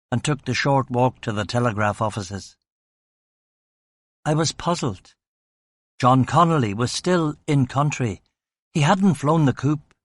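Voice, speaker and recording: A man narrating a first-person crime audiobook with dry, wry understatement. His voice sits at a middle pitch. The recording is close and dry, with no room sound. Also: no echo.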